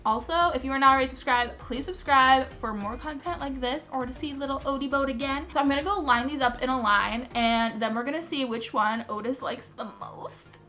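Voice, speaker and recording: A woman's voice: sits high, a little fast, hardly any pauses, pushed and bright. A young woman chatting casually in a vlog, bubbly and gushing, often giggling. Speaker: vlogger.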